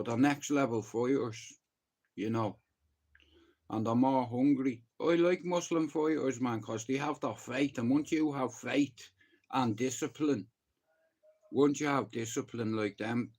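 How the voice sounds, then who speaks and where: An Irish man chats on a live stream in a loose, rambling way. His talk is blunt and sprinkled with swearing. His voice sits at an ordinary middle pitch for a man. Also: a little mellow. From Ireland. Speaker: livestreamer. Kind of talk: casual storytelling on a live stream.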